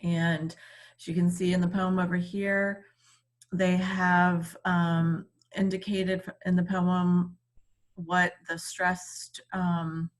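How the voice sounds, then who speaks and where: A woman teacher giving a recorded reading lesson, explaining slowly and patiently with frequent ums. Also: lowish voice, little pitch movement.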